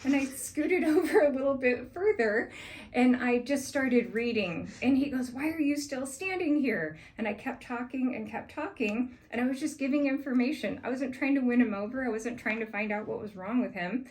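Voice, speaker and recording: A woman, a sales manager, tells an earnest personal story as part of a proposal pitch and gets animated as she recounts it. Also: normal speed. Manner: earnest, grows animated while retelling events.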